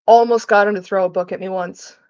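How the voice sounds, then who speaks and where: A woman's voice: medium pitch, steady tone, a little fast, darkish tone, smooth, highs cut off. A woman chatting casually while she cooks, swearing freely and acting out the people she quotes. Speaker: vlogger. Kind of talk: casual storytelling while cooking. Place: home kitchen.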